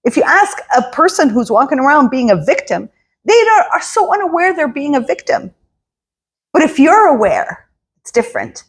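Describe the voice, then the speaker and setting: A woman's voice: high voice, big pitch swings, normal speed. A woman working as a spiritual coach, giving a casual motivational talk and acting out inner voices in quotes.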